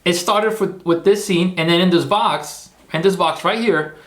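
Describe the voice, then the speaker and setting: A man's voice: high voice, normal speed, fairly bright tone. A man hosting a casual tutorial livestream, rambling, repeating himself and talking to his chat. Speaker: livestream host.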